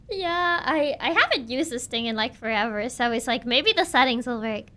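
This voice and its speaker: A woman's voice: sits high, animated, measured pace, sharp tone. A woman streaming a game, chatting casually and giggling often. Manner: giggly, self-mocking. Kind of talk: casual let's play commentary.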